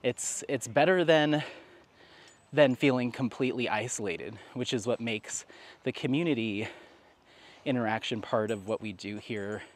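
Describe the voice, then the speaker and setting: A man's voice: mid-range voice, normal speed. A man chatting casually with viewers while walking his dog in a park, laughing often. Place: outdoors in a park.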